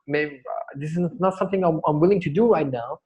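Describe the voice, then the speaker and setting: A man's voice: a little high, brisk, mellow, highs cut off. A man coaching a workshop, telling a story and explaining, with frequent restarts. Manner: rambling, restarts often, tells stories. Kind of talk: workshop teaching.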